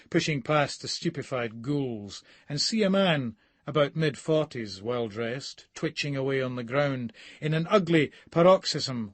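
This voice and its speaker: A man's voice: medium pitch, no room sound. A man with a Scottish accent reading a gritty first-person novel in a sardonic storytelling manner. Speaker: audiobook narrator.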